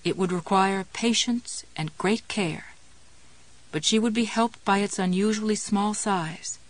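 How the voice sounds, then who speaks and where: A woman narrates a novel in a measured, even reading voice at a middle pitch. The recording is dry and close, with no room echo. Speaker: audiobook narrator. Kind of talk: scripted narration.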